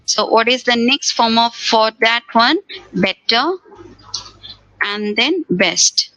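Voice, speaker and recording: A woman's voice: fairly high pitch, lively intonation, takes it slowly, pauses often, pushed and bright, no room sound, poor audio. A woman teaching a grammar lesson for exam preparation. She repeats key words and asks rhetorical questions. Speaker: English teacher.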